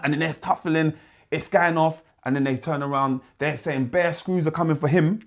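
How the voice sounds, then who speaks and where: A man with a London accent tells stories in a relaxed interview, full of street slang. His voice sits fairly high. When he plays other people in his stories, his pitch jumps way up. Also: brisk. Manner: animated, mimics voices in his anecdotes with big pitch jumps. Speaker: guest musician. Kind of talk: casual storytelling.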